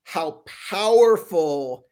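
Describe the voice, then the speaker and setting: A man with a fairly high voice co-hosts a podcast in an upbeat, enthusiastic way. He sets up his co-host to speak. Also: expressive, extremely slow, warm tone. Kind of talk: podcast talk.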